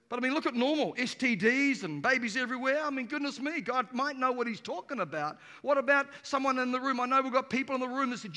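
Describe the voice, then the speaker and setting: A man preaching an energetic sermon to a congregation in a church auditorium, emphatic and playful. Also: extremely high pitch, brisk. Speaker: pastor. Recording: reverberant hall.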